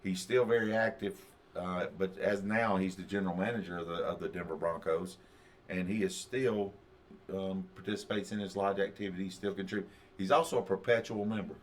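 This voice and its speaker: Deep-voiced man, halting chat. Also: fairly even intonation. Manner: halting, many fillers and restarts. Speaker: podcast co-host. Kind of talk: casual chat.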